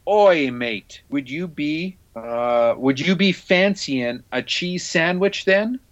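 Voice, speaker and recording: A man's voice: fairly high pitch, lively intonation, takes it slowly, lo-fi sound, pitched above the performer's own voice. A man putting on a hammy mock Cockney bloke. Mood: jokey. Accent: attempted Cockney. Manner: hammy, self-mocking. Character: mock Cockney man reading record etchings.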